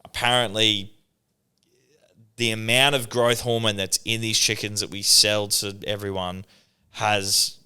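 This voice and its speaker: A man's voice: on the low side, flat delivery, unhurried, sharp tone, smooth. A young Australian man, a podcast co-host, telling stories in laid-back casual chat full of swearing and slang.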